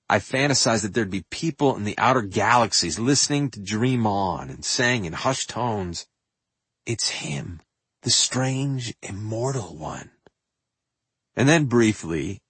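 An older man from New York reading his own memoir in an animated, profane way, with loud bursts and hushed asides. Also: fairly low pitch, breathy edge, dry recording. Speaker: memoir narrator. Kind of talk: audiobook memoir narration.

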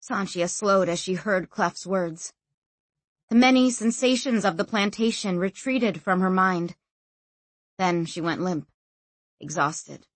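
A woman narrating a novel as an audiobook, expressive and acting out every figure. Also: lowish voice, slow pace, no echo. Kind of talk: scripted narration.

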